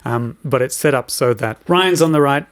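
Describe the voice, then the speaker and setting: A man's voice: mid-range voice, normal speed, clean tone, no room sound. A man co-hosting a podcast, chatting casually about recording music, rambling with many fillers and restarts, chuckling often. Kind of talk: casual chat.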